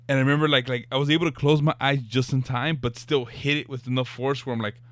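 A man chatting casually as a co-host, teasing and excitable, swearing freely. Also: mid-range voice, fast, hardly any pauses, dry recording. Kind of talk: casual chat.

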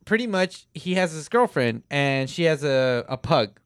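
A man co-hosting a podcast, telling a story in casual chat, halting with fillers. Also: a little high, sing-song, clean tone, no echo. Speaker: podcast co-host.

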